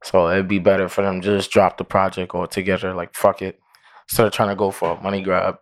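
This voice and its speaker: Low-voiced, hesitant man on a podcast. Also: little pitch movement, fast, a little hiss or hum. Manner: hesitant, restarts sentences, casual swearing. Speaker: podcast co-host. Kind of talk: casual podcast chat.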